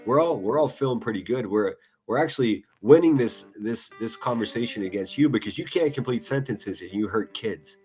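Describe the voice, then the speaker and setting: A man's voice: medium pitch, lively intonation, a little fast, few pauses, a little mellow, faint music behind. A man giving profane, taunting live-stream commentary, laughing often as he mocks. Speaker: livestream commentator.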